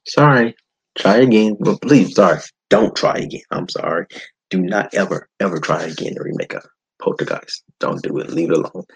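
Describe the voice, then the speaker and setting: A man hosting a podcast, giving a blunt, animated movie-review monologue with frequent swearing. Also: fairly low pitch, moderate pace, creaky, breathy edge, no room sound, low-quality recording. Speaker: podcast host.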